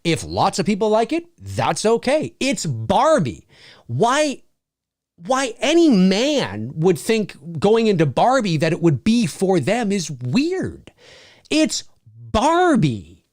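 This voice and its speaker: A man's voice: high voice, huge pitch swings, takes it slowly, a little mellow, no echo, clean studio sound. A man hosting a casual livestream Q&A, reading viewer comments aloud, swearing freely and laughing often. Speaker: channel host answering viewer questions.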